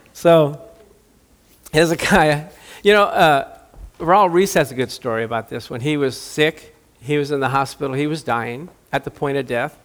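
A middle-aged male preacher with a high-pitched voice delivers an animated sermon. He jokes with the congregation and plays out the lines of Bible characters. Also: a little slow, long pauses.

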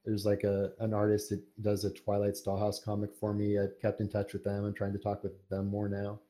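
Low, mellow-voiced young man chatting. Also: fairly quick. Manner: relaxed, rambling with many fillers. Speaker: podcast guest, fan fiction writer. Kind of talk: casual interview chat.

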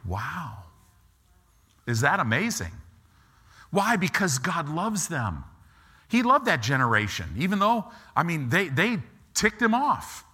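A middle-aged man preaching a sermon, animated and acting out quick asides as he talks. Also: fairly high pitch, slightly rough. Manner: animated, acts out God and people in quick asides.

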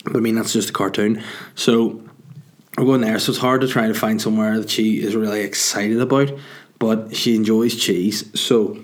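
Rambling, crude-joking man, slightly low. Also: steady tone, normal speed. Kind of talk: casual rambling monologue. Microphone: desk microphone.

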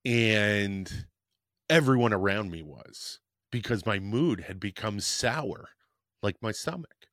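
A man hosts his podcast and tells a personal story in a candid, rambling way, swearing now and then. He speaks slowly and takes his time. His voice sounds dry and close, with no room echo. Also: fairly low pitch, lively intonation, a bit bright. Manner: frank, rambling, swears casually. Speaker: podcast host.

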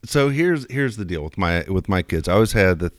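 A man's voice: low voice, animated, a little fast, no room sound, clean studio sound. A middle-aged man speaking frankly in a casual chat about his kids, often restarting his sentences. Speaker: podcast co-host.

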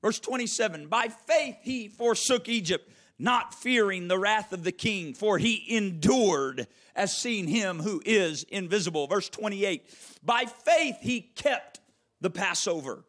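A preacher with a notably high, somewhat bright voice reads scripture aloud during a sermon. He leans heavily on repeated phrases and draws out key words for emphasis.

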